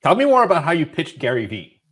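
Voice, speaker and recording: A man's voice: fairly high pitch, wildly swooping pitch, fast, a bit bright, husky. A man hosting a podcast who asks his guest curious questions. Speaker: podcast host. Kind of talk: interview questions.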